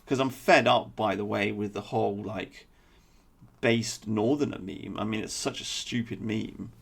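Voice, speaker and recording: A man's voice: lowish voice, fairly even intonation, unhurried, gravelly, husky. A man delivering a blunt, opinionated political commentary monologue with sarcastic asides. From England.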